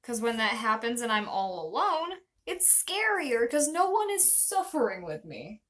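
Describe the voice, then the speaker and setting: A woman's voice: fairly high pitch, very animated, a little slow, a bit bright. A young woman chatting casually on a live stream, rambling and self-deprecating.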